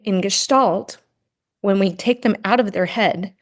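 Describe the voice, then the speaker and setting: A middle-aged woman speaks as a podcast guest in an easy, conversational way. She tells her story earnestly and often tags her sentences with "right?". Her voice sits at an ordinary middle pitch. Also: a little slow. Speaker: podcast guest, grief and Gestalt practitioner. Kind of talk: casual interview conversation.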